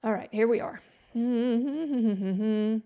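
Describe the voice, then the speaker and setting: A woman's voice: on the high side, very slow, smooth, lo-fi sound. A woman hosting a casual live stream, sarcastic and exasperated, talking to herself as she works.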